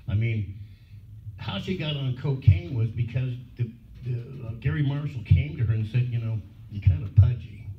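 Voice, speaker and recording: A man telling blunt, profane stories at a convention panel, laughing often. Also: mid-range voice. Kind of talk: casual storytelling at a fan panel. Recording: echoey far-off hall recording, phone-like and noisy.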